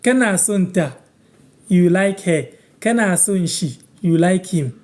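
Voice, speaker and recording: A man from Ghana teaching words on a live stream, patiently repeating each phrase slowly for viewers. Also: high voice, lively intonation. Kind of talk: live-stream language lesson, answering viewers.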